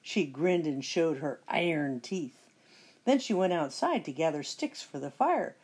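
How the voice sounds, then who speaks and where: Husky, animated woman reading a storybook. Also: deep voice, unhurried. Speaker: storybook reader. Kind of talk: reading a children's picture book aloud.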